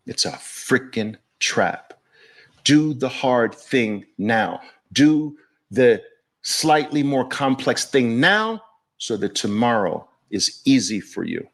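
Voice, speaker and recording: A man's voice: medium pitch, fairly bright tone. A middle-aged New Yorker hosting his own livestream, talking straight to his viewers. He hammers his points home with punchy repetition and a motivational drive. His accent is plainly New York, in a middle-range voice. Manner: emphatic, motivational, repeats key phrases. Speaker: livestream host. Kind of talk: casual livestream talk.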